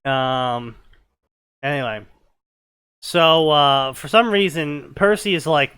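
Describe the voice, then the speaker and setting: A man's voice: a little high, slow pace, pauses often, bright, forceful tone, smooth, no room sound. Sarcastic young man reading fanfiction aloud. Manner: sarcastic, mocking, breaks into laughter. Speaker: fanfiction reader and commentator. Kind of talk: comedic dramatic reading with commentary.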